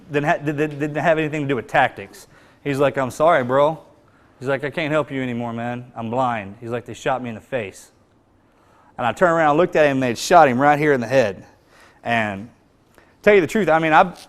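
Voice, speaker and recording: A man telling a personal combat story in plain, earnest speech, his voice often sinking low and quiet. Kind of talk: spoken personal account to an audience.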